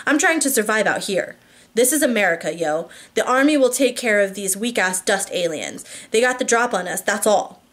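A woman's voice: mid-range voice, animated, close to an everyday voice. A woman doing a brash, sassy teenage girl. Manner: blunt, mocking, rapid-fire questions.

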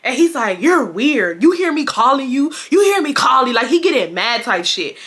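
A woman in her twenties from Houston tells a storytime straight to her viewers, her voice bright and sharp. She talks in a loose, slangy way, swears freely and leaps into high shrieks whenever she acts out what someone said. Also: normal speed. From Houston, Texas. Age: 20s. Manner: animated, slangy, swears often, jumps into high shrieks when quoting. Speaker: storytime vlogger. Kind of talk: casual storytelling to camera.

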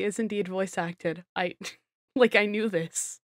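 A woman giving casual commentary on a video game, excitable and rambling, with giggles and self-deprecating asides. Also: mid-range voice, takes it slowly, music in the background. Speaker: gaming streamer.

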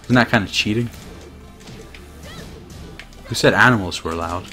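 A man streaming himself playing a fighting game, chatting casually, swearing and laughing, with bursts of excited shouting. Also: lowish voice, moderate pace, faint music behind. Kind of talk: casual gameplay commentary.

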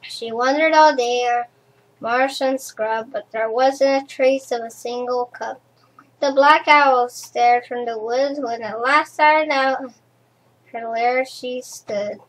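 High-voiced woman reading a rhyming story slowly. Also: low-quality recording. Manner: slow, rhythmic reading with occasional stumbles. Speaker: storybook reader. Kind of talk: reading a children's storybook aloud.

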